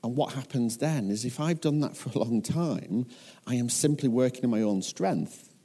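Mellow northern English pastor preaching. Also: male voice, medium pitch, lively intonation, normal speed, breathy edge. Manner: earnest, questioning the listeners. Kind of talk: sermon.

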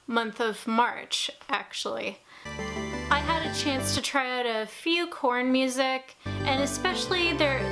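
Woman, young adult, casual vlog, rambling, self-correcting, unhurried, somewhat high voice. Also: a bit bright. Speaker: YouTube vlogger.

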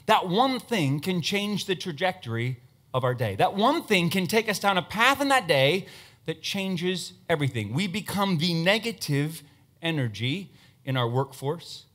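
Animated high-voiced man speaking on stage. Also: unhurried. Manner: animated, joking, playful asides to the audience. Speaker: motivational speaker and magician. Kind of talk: humorous stage talk with audience participation. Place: stage before a live audience.

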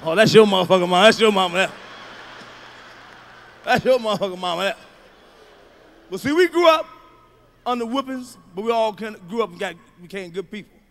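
A middle-aged man doing a stand-up comedy routine, telling profane stories that swing from low mutters to loud shouts. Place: large comedy venue stage. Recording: live show, faint crowd ambience.

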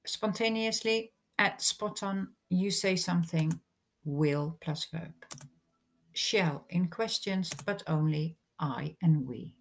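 A woman's voice: fairly low pitch, vocal fry. A woman, a teacher patiently explaining English grammar in a recorded lesson. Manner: slow, patient explaining with examples.

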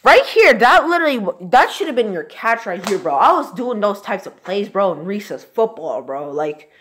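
A man's voice: sits high, sing-song, moderate pace, fairly bright tone, a little hiss or hum. A young man reacting live to a football game, swearing and exasperated, ending nearly every phrase with "bro". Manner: profane, exasperated, says "bro" constantly. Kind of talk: live sports reaction commentary.

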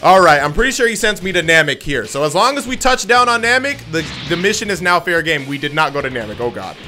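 Animated young man commentating a game. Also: a little high, fast. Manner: animated, joking, slangy. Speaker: gaming YouTuber. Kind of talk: casual gameplay commentary. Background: game music.

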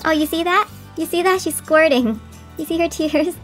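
A woman's voice: very high-pitched, normal speed, fairly bright tone. A woman hosting a toy unboxing, gushing and gasping in a sing-song voice and cooing at the dolls. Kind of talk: excited toy unboxing chat. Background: background music.

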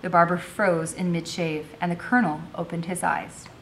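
A woman's voice: lowish voice, fairly even intonation, moderate pace, slight background noise. A woman teacher reading a novel aloud, narrating expressively.

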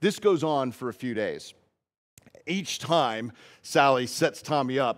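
A man's voice: medium pitch, measured pace. A male pastor giving a casual, story-driven sermon in a church.

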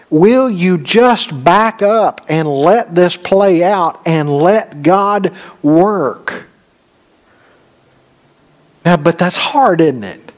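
A man preaching a sermon in a church, his voice sitting a little higher than most men's. He talks to the congregation in a plain, conversational way, full of rhetorical questions. He moves from emphatic exhortations to low, quiet storytelling. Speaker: pastor. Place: church sanctuary.

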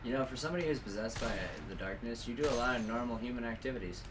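A man's voice: medium pitch, racing, distant mic, background noise. A young man co-hosting a let's play, rambling and joking crudely with lots of fillers. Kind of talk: casual gaming banter.

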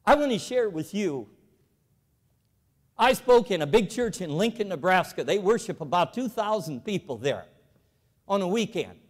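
A man giving an evangelical convention address in a large auditorium, telling folksy stories with animated, emphatic calls to the audience. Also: high voice, moderate pace, pauses often. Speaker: convention speaker, former bank president. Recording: hall reverb from a large auditorium.

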